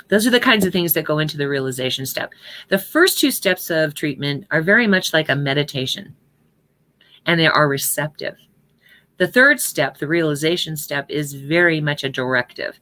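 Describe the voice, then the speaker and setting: A woman's voice: deep voice, bright, forceful tone. A woman giving a conversational spiritual teaching talk on prayer, often checking in with her listeners. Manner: conversational, checks in with "right?" and "okay?".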